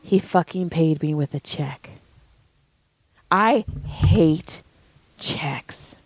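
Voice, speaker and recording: A woman's voice: low-pitched, drawn-out words, no room sound. A young woman co-hosting a podcast, venting anecdotes in casual, profane chat. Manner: profane, animated storytelling. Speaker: podcast co-host, massage therapist.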